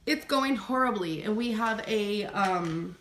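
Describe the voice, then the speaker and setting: A woman's voice: mid-range voice, lively intonation, slow pace, fairly bright tone, slight background noise. A woman hosting a casual chat with her partner, reading out viewer questions and answering them in a chatty way. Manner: chatty, reads out questions, laughs easily. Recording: echoey room.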